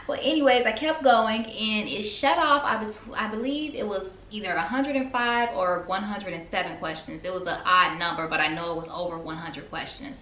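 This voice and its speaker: A young woman talks to camera, telling her story casually and acting out her reactions with sudden high leaps. Her voice is bright and forward. The room around her echoes. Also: moderate pace, few pauses, a little hiss or hum. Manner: animated, acts out her own reactions with big pitch jumps. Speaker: vlogger.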